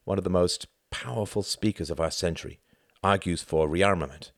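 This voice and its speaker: A man reading aloud, voicing Gunther, a knowing man who explains things in a measured, lecturing way. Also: sits low, dry recording, clean studio sound. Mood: informative.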